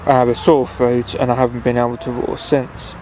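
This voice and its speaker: A man's voice: mid-range voice, little pitch movement, fairly quick, a little mellow, a little hiss or hum, close to an everyday voice, poor audio. A man reading aloud and voicing a sad, lonely male dragon who has lost his roar and talks in a mournful whimper.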